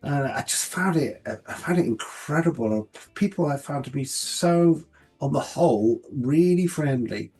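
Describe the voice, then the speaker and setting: Husky London man, hesitant. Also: fairly high pitch, animated, measured pace, darkish tone. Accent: London English. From London, England. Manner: hesitant, many fillers and restarts. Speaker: guest. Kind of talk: casual interview chat. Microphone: video call.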